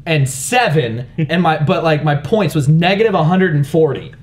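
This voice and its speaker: A young man co-hosting a casual chat show, joking crudely and telling animated stories. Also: fairly high pitch, moderate pace, a little hiss or hum. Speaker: podcast co-host.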